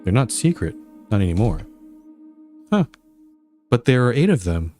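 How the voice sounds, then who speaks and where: A man's voice: lowish voice, big pitch swings, normal speed, warm tone, soft background music. A man reading a wary psychic snail. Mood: storytelling. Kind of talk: reading game dialogue aloud.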